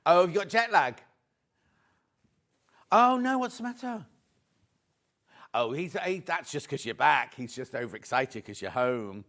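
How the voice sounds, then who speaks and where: Excitable British man presenting live. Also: mid-range voice, normal speed, few pauses. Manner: chatty, excitable, reads out viewer messages. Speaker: shopping channel presenter. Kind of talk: live shopping show chat. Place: TV studio.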